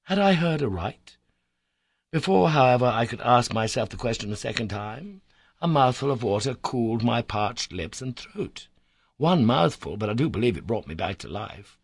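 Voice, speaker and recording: Male narrator, mid-pitched voice, dry close recording, measured storytelling. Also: expressive, slightly rough, no room sound. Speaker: audiobook narrator. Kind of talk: scripted narration.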